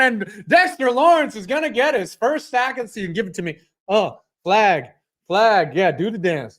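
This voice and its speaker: A man streams live reaction to a football game, calling each play as it unfolds in a voice sitting a touch high for a man. He jokes with his chat between snaps and erupts in profanity when a flag goes against his team. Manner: excitable play-by-play, cursing at calls, joking with chat.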